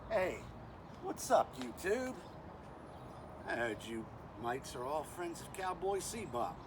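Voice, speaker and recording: A man's voice: fairly high pitch, big pitch swings, takes it slowly, noisy background, pitched above the performer's own voice. A man voicing a brash outback crocodile hunter in a put-on Australian accent mixed with British, giving a boisterous sing-song introduction in rhyme. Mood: cocky.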